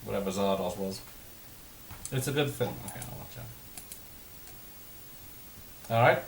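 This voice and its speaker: A man's voice: on the low side, brisk, creaky. A man hosting a film watch party over a call, chuckling often and making dry, teasing remarks. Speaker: channel host. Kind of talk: casual watch-party chat. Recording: echoey room with faint hiss.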